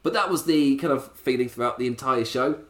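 A man's voice: medium pitch, fairly quick. A man casually reviewing a wrestling show, chatty and sarcastic, chuckling often at his own asides. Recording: roomy echo.

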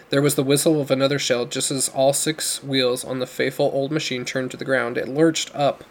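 Man reading a novel aloud. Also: medium pitch. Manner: unhurried, occasional slips and self-corrections. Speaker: podcast reader.

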